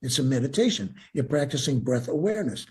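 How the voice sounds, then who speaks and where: An older man, a breathwork teacher, calmly leads a guided breathing meditation, repeating his cues as he goes. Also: mid-range voice, fast talker, slightly rough. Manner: calm, instructive, repeats cues.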